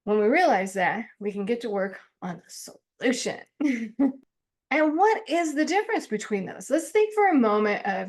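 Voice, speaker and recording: A middle-aged woman talks through a self-counseling lesson in a friendly, conversational way. Her voice sits a little high, and she breaks into laughs and quick acted-out complaints as she explains. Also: lively intonation. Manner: chatty, laughs often, acts out her own complaints. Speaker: counselor teaching self-help skills. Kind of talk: informal teaching monologue.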